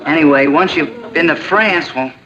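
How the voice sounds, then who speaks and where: A man's voice: fairly high pitch, normal speed, highs cut off, natural voice. A teenage boy in a sitcom, earnest and a bit sulky. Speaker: boyfriend. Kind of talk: sitcom acting.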